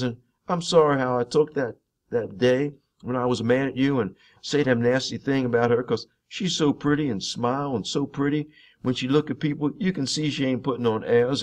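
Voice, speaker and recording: A man reading a novel chapter aloud in first person, in a steady, unhurried storytelling way. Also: mid-range voice.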